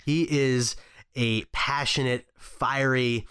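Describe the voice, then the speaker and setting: A man's voice: mid-range voice, animated, normal speed, fairly bright tone. A man co-hosting a casual film discussion podcast, wry and joking, often restarting his sentences. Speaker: podcast co-host.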